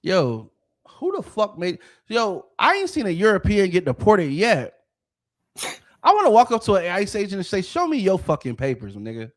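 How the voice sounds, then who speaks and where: High-voiced man on a heated rant. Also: big pitch swings, normal speed. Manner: heated, profane, with many restarts. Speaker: podcast host. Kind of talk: casual podcast rant.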